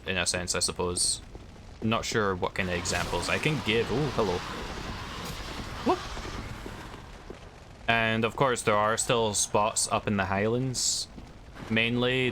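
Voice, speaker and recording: A man's voice: sits low, pushed and bright, a little hiss or hum. A Scottish man streaming a video game, chatting casually with viewers and rambling as he answers their questions. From Scotland. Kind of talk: casual chat while gaming.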